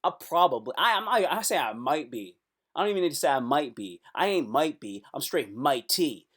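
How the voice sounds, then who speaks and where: A man's voice: on the high side, big pitch swings, fairly quick, fairly bright tone, slightly rough. A man hosting a comedic live stream, rambling through jokes, swearing freely and breaking into freestyle rap.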